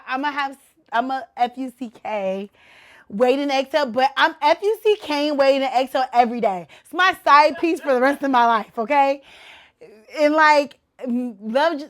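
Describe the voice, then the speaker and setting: A woman hosting her own podcast in casual chat, animated and a little tipsy, with loud exclamations and slang. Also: high voice. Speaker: podcast host.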